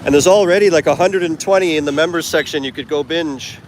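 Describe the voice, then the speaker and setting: A man's voice: on the high side, quick pace. A man walking through an outdoor street market and chatting to his phone camera in a rambling, casual vlog. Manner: rambling, chatty, self-correcting asides. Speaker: travel vlogger. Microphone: handheld phone. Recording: street noise behind the voice. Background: traffic and street noise.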